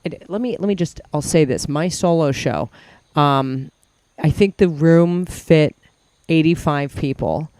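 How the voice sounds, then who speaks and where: A man's voice: on the high side, measured pace, few pauses, a little mellow, clear, resonant tone, no room sound. A man co-hosting a podcast, chatting in a rambling, wry way with lots of fillers. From Ireland. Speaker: podcast co-host, comedian. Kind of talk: casual chat.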